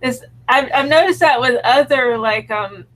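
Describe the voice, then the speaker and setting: A woman with a somewhat high voice sharing her take on a crime drama with her co-host. Her delivery is easygoing and dry, like casual podcast talk. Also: normal speed, a bit bright. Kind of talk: casual chat reviewing a TV show.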